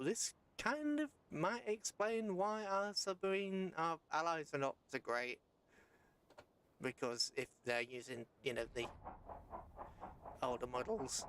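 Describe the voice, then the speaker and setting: A tired man casually commenting as he plays a submarine game live, rambling and correcting himself with playful jumps in pitch. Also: fairly bright tone. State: tired after a long rough day. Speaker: streamer playing a submarine game.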